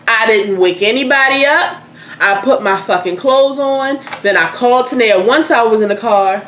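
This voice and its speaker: A young woman telling a personal story in casual chat, candid and animated, swearing freely. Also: medium pitch, normal speed. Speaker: host. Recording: echoey room, faint noise.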